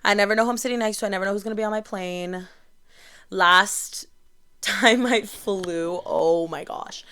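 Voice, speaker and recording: A woman's voice: mid-range voice, moderate pace, bright, forceful tone, smooth. A young woman in her twenties hosting a casual solo podcast, chatty and bubbly, storytelling with lots of "like". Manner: chatty, bubbly, heavy use of "like". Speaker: podcast host.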